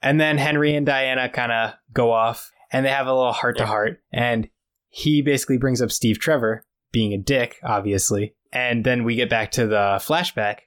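Speaking at a moderate pace in a mid-range, slightly bright voice, this podcast co-host recounts a story casually. Quoted lines and frequent fillers run through his retelling.

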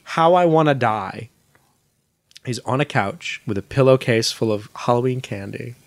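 Animated young man telling a story. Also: medium pitch, normal speed, gravelly, no echo. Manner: animated, acts out quoted voices, laughs often. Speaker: podcast co-host. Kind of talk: casual chat, storytelling.

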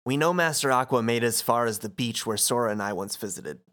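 A man reading the lines of a calm, serious teenage boy in a plain voice. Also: mid-range voice, fairly quick, natural voice.

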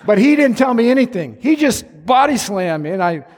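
Animated pastor preaching in a reverberant hall. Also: male voice, extremely high pitch, fairly quick. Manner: animated storytelling with acted-out quotes. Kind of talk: sermon. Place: church sanctuary.

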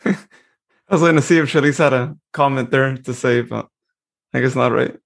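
A man hosting a casual podcast, talking in a relaxed, hesitant way with many fillers. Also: medium pitch, moderate pace, vocal fry. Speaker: podcast host.

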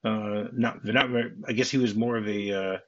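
A man's voice: lowish voice, steady tone, normal speed, a bit bright, highs cut off. A man co-hosting a podcast, chatting casually and explaining film scenes and trivia at length. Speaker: podcast co-host.

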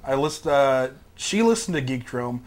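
Young man, guest co-host, casual chat, relaxed reactions. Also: mid-range voice, unhurried. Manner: easygoing, reacts with short remarks and laughs.

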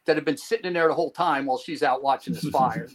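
The audio is poor, and the man speaks fast in a slightly high voice. He's a New Jersey podcast guest telling a long personal story, animatedly acting out the people he quotes and casually swearing.

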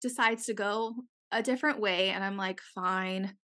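A young woman co-hosting a podcast, telling a story in an animated way, swearing freely and acting out what people said. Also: medium pitch, a little slow. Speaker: podcast co-host. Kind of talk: casual chat.

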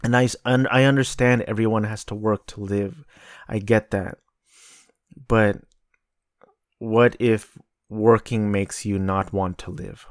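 A man muses alone in a slow, unhurried drawl, his voice sitting a little low. He rambles and swears with a sardonic edge, recorded dry and close with no room sound. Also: steady tone, no echo. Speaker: podcast host. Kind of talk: casual solo monologue.

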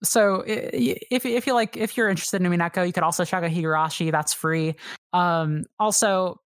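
A woman's voice: on the low side, fairly quick, dry recording, studio quality. A woman guest on a podcast, talking casually and eagerly, rambling with many fillers and restarts. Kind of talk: casual chat.

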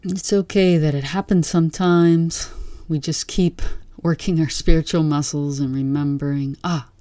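A woman gives a dharma talk in a slow, gentle, reflective manner, letting long pauses hang between phrases. Her voice is low and mellow. The sound is close and dry. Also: fairly even intonation, no echo. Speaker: meditation teacher.

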